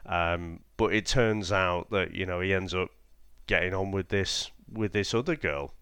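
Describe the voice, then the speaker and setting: A man talks through a film in a relaxed podcast chat, his voice low and resonant. He pauses on fillers and laughs easily. The sound is dry and close. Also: clean tone, no room sound. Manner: laughs often, measured with many fillers. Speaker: podcast co-host. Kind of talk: casual film review chat.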